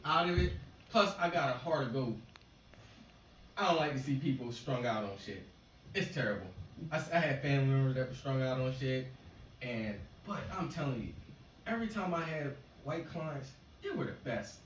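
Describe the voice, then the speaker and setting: A man's voice: medium pitch, expressive, normal speed. A man doing casual stand-up, telling rambling, profane stories to a small crowd. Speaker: stand-up comedian. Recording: echoey room, far mic, noisy.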